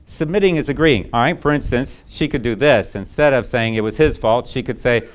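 A man's voice: mid-range voice, fairly quick. A male pastor preaching a sermon in a conversational, emphatic way, often checking in with rhetorical asides.

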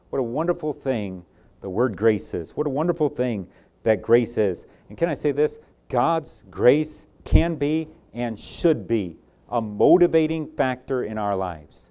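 Southern preacher with swelling emphasis. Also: male voice, medium pitch, dull audio. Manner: preaching with rising emphatic peaks and soft drops. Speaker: pastor. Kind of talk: sermon.

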